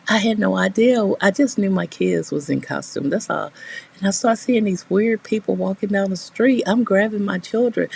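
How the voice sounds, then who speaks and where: A woman's voice: medium pitch, normal speed, creaky, darkish tone, slightly rough, poor audio. A middle-aged woman chatting casually to her live viewers from a bedroom desk, rambling and laughing as she talks. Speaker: writing streamer. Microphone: new desk mic, not yet working well.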